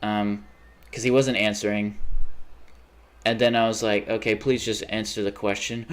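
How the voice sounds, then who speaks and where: A young man with a fairly low voice chats on a live gaming stream. He rambles, curses freely, and flares up fast. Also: flat delivery. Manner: rambling, profane, quick to get heated. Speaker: livestreamer. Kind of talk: casual livestream chat while gaming.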